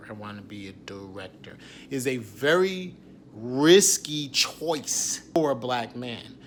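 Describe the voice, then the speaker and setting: Guy in his 40s venting raw and honest, mid pitch, slips into whispers, faint hum behind. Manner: raw and intense, dropping to hushed whispers and swearing freely. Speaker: actor and writer. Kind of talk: candid confessional vlog monologue.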